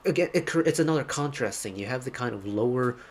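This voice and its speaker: A man's voice: mid-range voice, expressive, quick pace, slightly rough. A man hosting a music reaction video, giving an enthusiastic, detailed breakdown of a song in a casual way.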